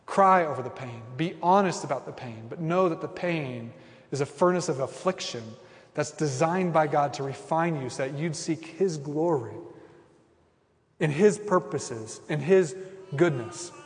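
A man in his thirties, a pastor preaching a sermon in an animated, conversational way with acted asides. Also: fairly high pitch. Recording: reverberant hall.

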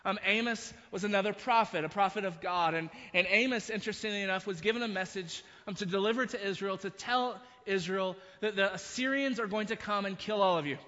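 A man's voice: high voice, a little fast, hardly any pauses, bright, forceful tone, in a large hall, highs cut off. A man preaching a sermon, retelling a story with frequent restarts and asides. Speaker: pastor.

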